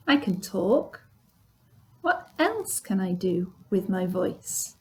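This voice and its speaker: Woman teacher for a kids' lesson, unhurried and patient, pitch in the middle. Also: animated. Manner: demonstrates sounds, bilingual repetition. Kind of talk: slow, clear lesson for young children.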